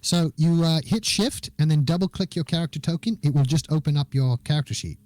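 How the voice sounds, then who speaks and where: A man's voice: fairly high pitch, a little fast, darkish tone, no room sound, soft background music. A man narrating as game master of a tabletop game, chatty and playful with many fillers.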